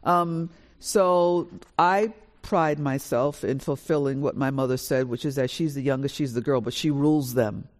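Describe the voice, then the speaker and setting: A woman spins an anecdote on a stage in front of a live audience, her voice leaping up and down as she acts out each exchange. She talks like a natural storyteller, forceful and animated, always in charge of the tale. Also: moderate pace, few pauses. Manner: lively, acts out dialogue with big pitch swings. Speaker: author and panel guest.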